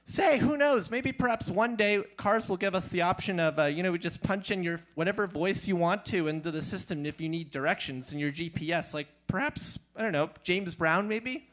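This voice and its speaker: A man doing live stand-up storytelling at a small club, animated and playful. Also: high-pitched, moderate pace, hardly any pauses. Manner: animated, playful, loud asides. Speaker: storyteller, comedian.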